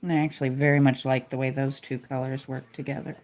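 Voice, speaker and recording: Woman vlogger, low mellow voice, relaxed chatty coloring narration. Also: quick pace. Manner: relaxed, chatty, self-deprecating. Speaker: coloring video creator. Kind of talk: casual narration while coloring.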